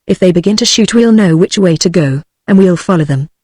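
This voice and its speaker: A woman's voice: on the low side, lively intonation, a little fast, a little mellow, slightly rough, dry recording, studio quality. A synthetic female text-to-speech voice reading the lines of a blunt old male hunter. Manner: synthetic evenly read speech.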